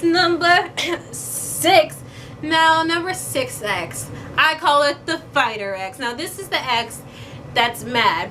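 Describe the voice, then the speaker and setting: Young woman, high-pitched, vlogger, chatty and playful, faint background hiss. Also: pushed and bright. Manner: chatty, playful, acts out quoted lines. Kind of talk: casual chat to camera.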